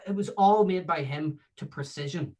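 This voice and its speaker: A man's voice: a little high, normal speed, a little mellow, far from the mic. A man giving a casual lecture on magic history, chatty with many filler sounds and playful asides.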